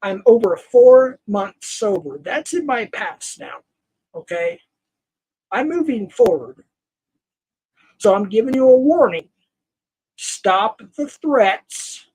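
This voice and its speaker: An older man hosting a livestream, scolding a viewer in a heated, halting rant full of restarts. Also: sits high, darkish tone, slightly rough, rough recording. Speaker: livestream host. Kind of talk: angry livestream rant to chat.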